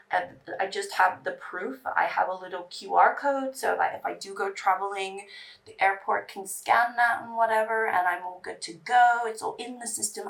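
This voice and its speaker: A woman's voice: medium pitch, gravelly, fairly bright tone, far from the mic. A woman beauty vlogger in casual get-ready-with-me chat, rambling and anxious as she talks.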